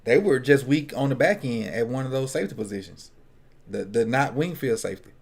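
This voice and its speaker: Man, casual draft-party chat, mid-pitched voice, loose and joking, thinking out loud, trailing restarts. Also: lively intonation, brisk, vocal fry. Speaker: football fan at a draft watch party.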